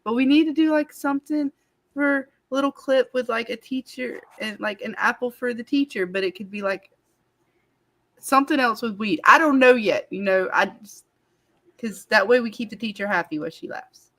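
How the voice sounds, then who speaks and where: A woman's voice: fairly high pitch, normal speed, fairly bright tone. A woman hosting a casual live-stream chat, rambling and laughing with lots of fillers. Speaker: channel host.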